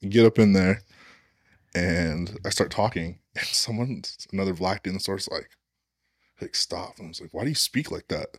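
A young man co-hosting a podcast, telling anecdotes in an animated, laughing way. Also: low voice, normal speed, no echo, clean studio sound. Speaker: podcast co-host. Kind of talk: casual storytelling chat.

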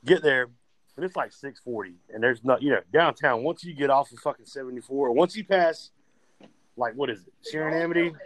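A man's voice: mid-range voice, brisk, no echo, rough recording. A man telling profane stories in casual podcast chat. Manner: profane, animated storytelling. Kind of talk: casual storytelling.

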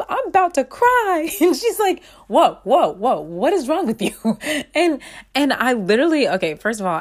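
A woman of about twenty reflecting on her life in an earnest, rambling way, full of fillers and restarts, her voice swinging between bright and hushed. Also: mid-range voice. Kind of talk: personal reflective monologue.

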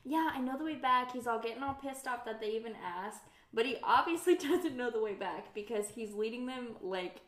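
A woman's voice: fairly high pitch, normal speed, hardly any pauses. Chatty woman co-host, echoey room. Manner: chatty, reactive, filler-heavy. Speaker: podcast co-host. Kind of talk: casual movie recap chat. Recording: echoey room sound on a live stream.

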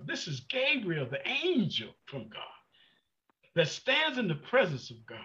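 Male preacher, high bright voice, swooping delivery, muffled lo-fi recording. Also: sing-song, moderate pace. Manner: fervent, surges from hushed to shouting, repeats words. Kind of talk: sermon. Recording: muffled lo-fi sound.

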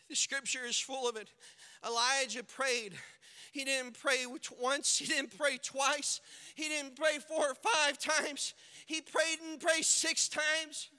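Male pastor, very high piercing voice, dynamic sermon delivery from whisper to shout, long church reverb. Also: steady tone, slow. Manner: dynamic preaching, swings from hushed to shouting; acts out quoted characters in the stories.

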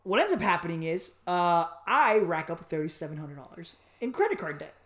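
A man from Miami telling a personal story in a casual podcast chat, animated and joking, with lots of fillers. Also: on the high side, brisk. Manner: animated, joking, acts out voices, many fillers. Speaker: podcast co-host.

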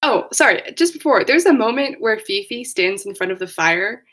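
A woman's voice: on the high side, lively intonation, normal speed, a bit bright. A woman chatting casually as a podcast co-host, recapping a movie plot and laughing often.

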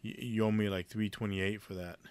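A man's voice: on the low side, brisk, smooth. A man telling a casual story on a podcast, swearing and acting out what people said. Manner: animated, swearing, acts out quotes, laughs often.

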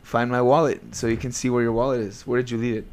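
A man's voice: medium pitch, level tone, quick pace. A man in his late twenties hosting a podcast from home, chatting casually, rambling and laughing often, recorded on a desk USB mic. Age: 20s. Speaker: podcast host. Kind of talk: casual chat. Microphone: desk USB microphone.

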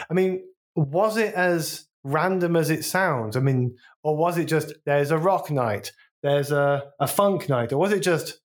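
A man from Wolverhampton with a Wolverhampton accent, co-hosting a podcast in chatty, inquisitive conversation. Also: fairly high pitch. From Wolverhampton, England. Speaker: podcast co-host. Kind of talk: casual chat.

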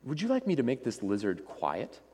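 A man voicing a calm, blunt flaming spirit that speaks softly and plainly, in a reverberant hall. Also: mid-range voice, brisk, slightly rough.

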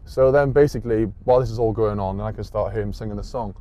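A South African man tells a story in a lively way, his voice low and warm. The sound is dull and slightly lo-fi, with faint noise under it. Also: very fast. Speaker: guest, former rugby prop. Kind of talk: casual anecdote.

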